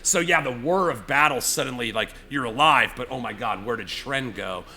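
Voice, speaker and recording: Over soft background music, a man with a mid-range voice narrates as a game master at a moderate pace. He rambles with lots of "you know" and "like," animatedly acting out the scene.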